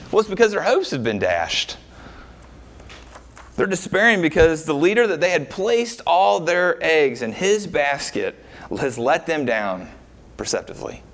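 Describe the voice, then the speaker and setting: A man preaching a sermon as a pastor, talking through the verses with rhetorical questions and frequent pauses. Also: on the high side, fairly bright tone.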